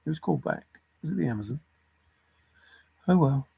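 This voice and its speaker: A man with a slightly high, gravelly, husky voice talks slowly to himself, reeling off word lists and chuckling. The sound is dry and close, with no room around it. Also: animated, mellow, no echo. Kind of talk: rambling solo puzzle musing.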